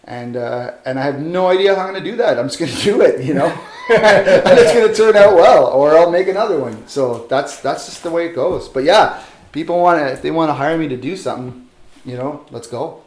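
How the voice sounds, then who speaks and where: A man, a metal sculptor, chatting casually and a bit ramblingly about how he works, self-deprecating and relaxed. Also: a little high, a little fast. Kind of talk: casual interview. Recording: roomy echo.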